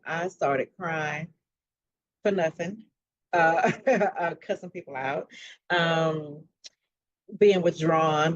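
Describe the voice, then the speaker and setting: A woman's voice: on the low side, no room sound, highs cut off. A woman, a mental health coach, telling her personal story as a podcast guest, acting out dialogue in a casual, blunt way with slang.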